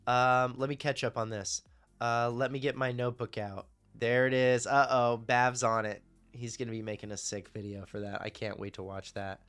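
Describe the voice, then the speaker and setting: A man's voice: mid-range voice, level tone, moderate pace, fairly bright tone, smooth. Rambling, foul-mouthed male live streamer. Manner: loose and rambling, swears, reacts to chat. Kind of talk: casual live-stream chat.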